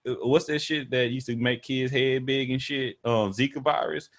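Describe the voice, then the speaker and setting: A man's voice: mid-range voice, steady tone, moderate pace, fairly bright tone. A man with a Texan accent hosting a podcast, talking in a loose, profane, joking way. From Texas. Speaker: podcast host. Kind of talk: casual podcast chat.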